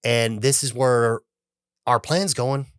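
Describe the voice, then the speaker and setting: A man's voice: mid-range voice, slow, smooth, no room sound, studio quality. A man in a casual podcast talk about a film, animatedly retelling scenes and acting out the characters' lines, swearing freely. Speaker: podcast guest.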